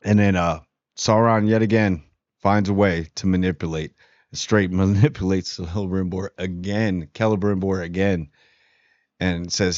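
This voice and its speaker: A man's voice: sits low, steady tone, normal speed, a little mellow, no echo, dull audio. A man giving a rambling, slangy, laid-back spoiler review of a TV episode. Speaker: TV show reviewer.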